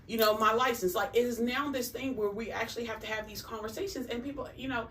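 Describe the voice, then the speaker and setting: A woman therapist talking in an animated, filler-heavy conversational way. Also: a little high, fast talker, distant mic. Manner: animated, uses many fillers. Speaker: therapist guest. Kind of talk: casual conversation.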